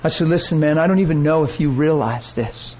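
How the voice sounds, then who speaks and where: A man preaching a sermon, telling a story with lively energy and acting out the people he quotes. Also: a little high, a little fast, breathy edge, rough recording.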